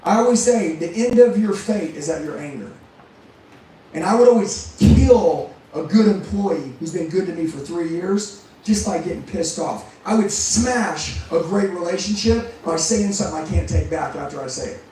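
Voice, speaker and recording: Brief: high-voiced male motivational speaker, intense and profane, heavy room echo. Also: expressive, normal speed, warm tone, slight background noise. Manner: intense, profane, fires rhetorical questions at the crowd. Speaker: motivational speaker and sales trainer. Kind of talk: motivational speech to a live audience. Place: room with a live audience. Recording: very echoey room, mic far off.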